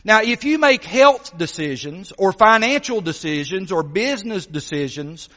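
A man preaching a sermon as a visiting gospel preacher, earnest and animated as he tells a story, with many fillers. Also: sits high, moderate pace. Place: church hall. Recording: dull sound, long church reverb.

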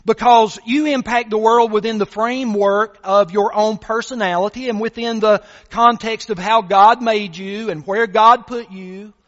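Guy preaching a sermon, high voice, pushes hard on his points, muffled and echoey. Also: steady tone, moderate pace, few pauses, fairly bright tone. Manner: emphatic, rhetorical questions to the congregation. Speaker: pastor.

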